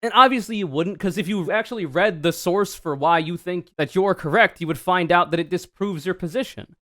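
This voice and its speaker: A man streaming a reaction to another video, talking casually with sarcastic, animated commentary and free swearing. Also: sits high, fairly quick.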